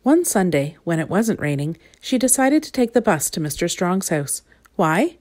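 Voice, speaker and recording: A woman reads a children's picture book aloud in a fairly low voice. She turns to her young listeners with playful asides and lively expression. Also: moderate pace. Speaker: storybook reader.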